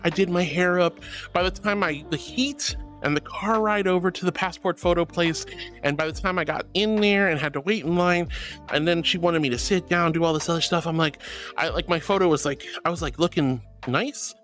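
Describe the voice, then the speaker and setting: A woman's voice: on the low side, brisk, a bit bright, faint music behind. A woman streamer with a bubbly, giggly, affectionate manner, chatting casually and reading her chat aloud.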